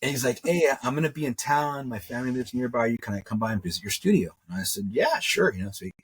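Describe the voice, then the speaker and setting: An interview guest who works as a metalsmith and jewelry maker, this middle-aged man speaks very fast in a medium-pitched, breathy voice with fairly even intonation. He rambles through his story casually, repeating words and performing other people's lines.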